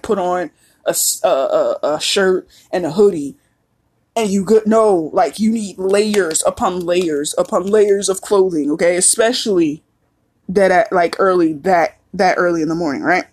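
A woman's voice: mid-range voice, darkish tone, slightly rough. A woman in her thirties hosting a podcast, talking in a candid, profane, casual monologue and laughing often. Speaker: podcast host.

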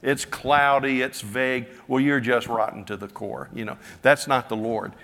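A man's voice: medium pitch, steady tone, normal speed, gravelly, a bit bright. Man preaching in a reverberant hall. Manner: retells a story with many quotes, repeats "he said". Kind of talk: sermon storytelling.

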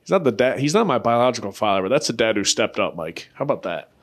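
A young man riffs through a loose comedy podcast, swearing freely and stopping to laugh at his own jokes. His voice is mid-pitched but swings widely from line to line, restless and animated. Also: fast. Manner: rambling, profane, laughs often. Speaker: podcast host. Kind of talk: crude comedic podcast banter.

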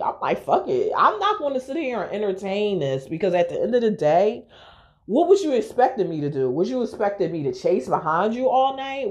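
Casting: young female podcast host, blunt storyteller, swooping lively delivery. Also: mid-range voice. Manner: frank, profane, animated storytelling. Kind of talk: candid storytelling.

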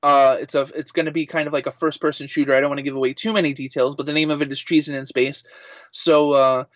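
An animated man chatting as an interview guest, telling his story in a loose, casual way with many fillers. His voice sits a little high for a man. The sound is dry and slightly dull. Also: fast talker, dry recording. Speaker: guest, voice actor and writer. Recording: slightly muffled dry recording.

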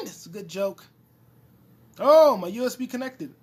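A man's voice: sits high, very animated, moderate pace, breathy edge. A man hosting a solo podcast, rambling and swearing freely as he talks to himself, recorded on a phone. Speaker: podcast host.

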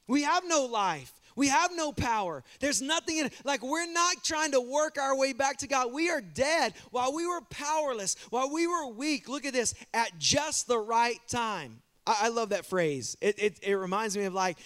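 A male pastor preaching a sermon in a church, animated and direct with the congregation, often repeating words as he builds a point. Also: very high voice, normal speed, few pauses.

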